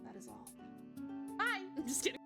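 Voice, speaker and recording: Her high voice swings hugely in pitch and carries vocal fry, at a normal speed. She's an Australian from Tasmania, casually chatting as she streams a game, self-mocking and playful with the odd curse, as game music plays behind her.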